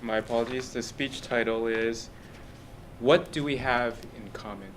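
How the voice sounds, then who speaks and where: Man, mid-pitched, polite, methodical, speech evaluator introducing a speaker, meeting room. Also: steady tone, moderate pace, a little hiss or hum. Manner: polite and methodical, with small slips.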